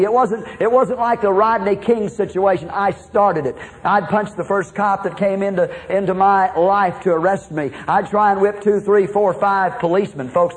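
A middle-aged man from Minnesota preaches a testimony sermon in a notably high voice. His delivery is folksy and dramatic, swinging between loud passages and hushed ones. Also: rough recording.

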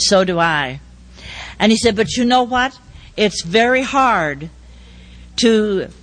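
An older woman giving a speech, telling a personal story and acting out the dialogue in a measured way. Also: mid-range voice, a bit bright, poor audio. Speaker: speaker.

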